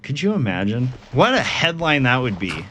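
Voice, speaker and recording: A man's voice: mid-range voice, sing-song, normal speed, a bit bright, slight background noise. A young man streaming a game, chatting casually in a rambling, amused, profane way. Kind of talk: casual chat while gaming.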